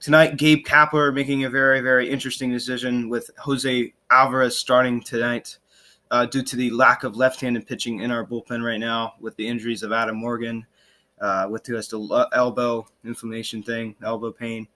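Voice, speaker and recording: A young man hosting a casual sports podcast, talking in an animated, frustrated way with sarcastic asides and lots of fillers and restarts. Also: medium pitch, fairly quick. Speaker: podcast host.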